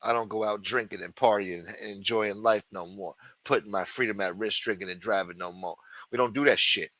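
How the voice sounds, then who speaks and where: Loud profane man ranting on a livestream. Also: lowish voice, brisk, no room sound. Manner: loud, taunting, swings between shouting and muttering; rambling, swears constantly, answers chat aloud. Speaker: livestream host. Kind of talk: profane live chat rant.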